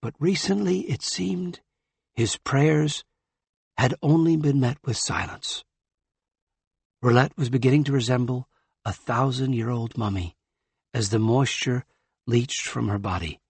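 A man narrating a novel in a measured, grave manner. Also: medium pitch, gravelly, slightly rough, no echo. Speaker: audiobook narrator. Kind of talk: scripted narration.

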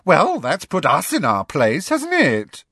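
A man voicing a sarcastic, high-pitched male stone gargoyle guarding a door in a storybook reading. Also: wildly swooping pitch, slow pace, sharp tone, husky, no room sound, heavily acted. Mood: snide. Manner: sarcastic, mocking.

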